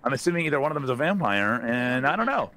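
A man's voice: medium pitch, big pitch swings, racing, sharp tone. A man on a group game call, jokingly accusing other players and arguing his case. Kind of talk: casual gaming chat.

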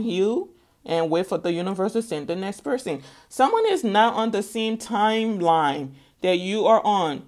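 A woman reading tarot cards who speaks in a firm, scolding way. She presses her points hard and repeats words again and again for emphasis, at a medium pitch for a woman. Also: a little mellow. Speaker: tarot reader.

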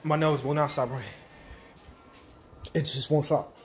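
A young YouTuber takes on a spicy chip challenge, vlogging casually to camera in a slightly high, steady voice at a somewhat slow pace. He's in pain and sniffling, pleading distressedly in short, repeated bursts over soft background music.

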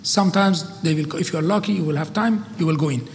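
High-voiced man telling a story. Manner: animated, with halting restarts. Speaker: lecturer. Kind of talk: storytelling lecture. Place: conference hall. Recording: reverberant hall recording, faint noise.

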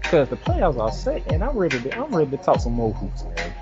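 A man hosting a podcast, talking in a lively, animated way and plugging his shows. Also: mid-range voice, fairly quick, dull audio, music in the background. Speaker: podcast host. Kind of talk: casual podcast chat.

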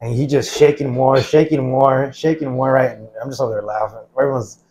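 Middle-aged American man, easygoing storyteller, mid-pitched voice. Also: steady tone, brisk, a little hiss or hum, rough recording. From United States. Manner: laid-back, loud when acting out shouted lines. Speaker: veteran guest. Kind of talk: casual storytelling.

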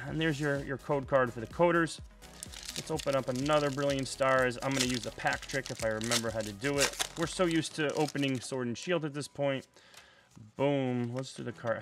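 A young man chatting casually while opening trading card packs, excitable and prone to loud outbursts. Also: medium pitch. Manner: excitable, bursts into shouting and laughter over pulls. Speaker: card unboxing host.

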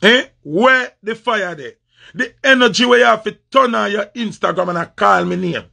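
Gravelly Jamaican man ranting heatedly. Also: sits high, fairly quick, pushed and bright. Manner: confrontational, repetitive, Jamaican patois. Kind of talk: heated social media rant.

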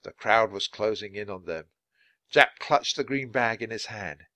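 A man reading a children's storybook aloud in a clear, measured way for learners. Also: lowish voice, pushed and bright, no echo. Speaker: storybook reader. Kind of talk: children's book read-aloud.

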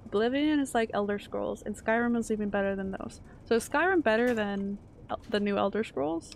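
A young woman from Canada chatting and reacting loudly while streaming a game. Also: mid-range voice, a little fast, creaky, a little hiss or hum. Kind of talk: live game stream commentary.

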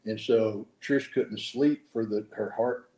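Laid-back guy from arkansas, warm low-key voice, chatting on a podcast, echoey. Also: fairly even intonation, takes it slowly. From Arkansas, USA. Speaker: podcast guest. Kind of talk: casual conversation. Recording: echoey room.

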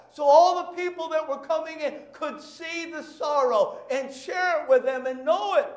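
A man preaching a sermon as pastor, emphatic and repetitive, acting out quick bits of dialogue to make his points. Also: very high voice. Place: church. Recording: echoey church sanctuary.

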